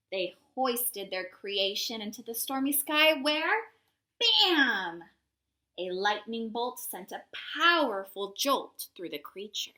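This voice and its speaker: Slow playful woman reading a picture book. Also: fairly high pitch, very animated, bright, forceful tone. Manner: playful, with asides to young listeners. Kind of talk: read-aloud for children.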